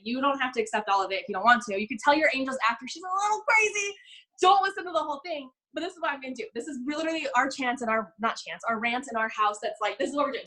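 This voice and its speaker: Young woman, high voice, quick pace, bubbly coach, animated storytelling. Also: low-quality recording. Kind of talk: live business coaching session.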